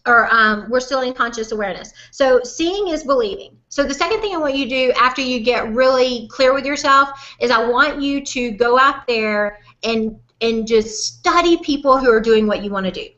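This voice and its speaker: A woman with a Southern accent coaching a webinar audience in a lively, folksy, direct way. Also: sits high, moderate pace, hardly any pauses, lo-fi sound. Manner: animated, folksy and direct, calls listener "honey". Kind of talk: motivational webinar talk.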